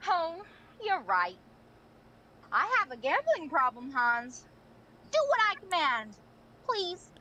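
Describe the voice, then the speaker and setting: A woman's voice: high-pitched, sing-song, slow pace, long pauses, sharp tone, lo-fi sound, slight background noise, full character voice. A woman voicing a capricious, playful female villain boss in a live fan audio drama read, sing-song and bossy.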